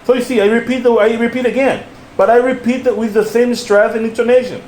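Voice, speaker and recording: A man's voice: very high-pitched, steady tone, fast talker, a little mellow. A man teaching English one-on-one, patiently repeating phrases and coaching his student on stress and intonation. The recording sounds roomy, with a faint hiss.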